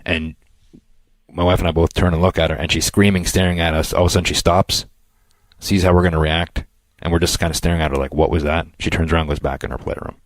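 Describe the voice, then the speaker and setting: A man with an extremely deep voice co-hosts a podcast in easy, casual chat. He tells stories with animation, then sinks into a quiet murmur when he turns reflective. The sound is close and dry. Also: level tone, fast, no room sound. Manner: storytelling, drops to a near murmur when reflective. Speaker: podcast co-host.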